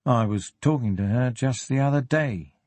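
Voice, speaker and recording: A man voicing a quiet, reflective police detective in an audiobook, speaking in a measured way. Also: medium pitch, no echo, close to an everyday voice. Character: thoughtful male police detective inspector.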